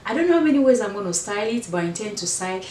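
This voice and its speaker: A woman's voice: mid-range voice, very animated, rapid-fire, darkish tone, slight background noise. A woman with an African accent, chatting casually to camera as a fashion and beauty vlogger, meandering and restarting her sentences. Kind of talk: casual vlog chat to camera. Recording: echoey room, mic at a distance.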